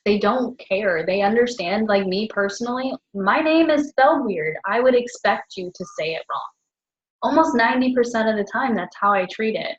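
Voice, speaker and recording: A woman with a husky, mid-range voice talks about her business in a casual monologue. She rambles and corrects herself, with lots of fillers and frequent laughs. The recording sounds dull and lo-fi. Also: medium pitch, normal speed. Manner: chatty, filler-heavy, self-correcting; laughs often. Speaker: network marketer.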